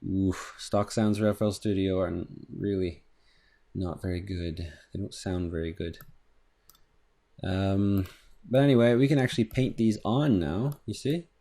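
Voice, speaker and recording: A man giving a casual, rambling software tutorial, thinking aloud as he clicks through and humming rhythms. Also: low-pitched, unhurried. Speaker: music production instructor. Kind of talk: screen-recorded software tutorial. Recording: faint electronic music underneath.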